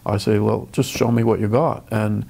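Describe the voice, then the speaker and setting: A man's voice: on the low side, steady tone, normal speed, gravelly, mellow, slightly rough. An older man, a film director, talking thoughtfully in an interview with frequent restarts. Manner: thoughtful, restarts often, dry chuckles. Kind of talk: interview conversation.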